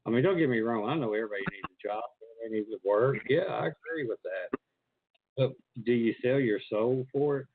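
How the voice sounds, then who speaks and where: A man's voice: medium pitch, expressive, quick pace, slightly rough. A man hosting a call-in show, asking conversational, probing questions. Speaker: host. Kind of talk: casual call-in chat. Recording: tinny phone line.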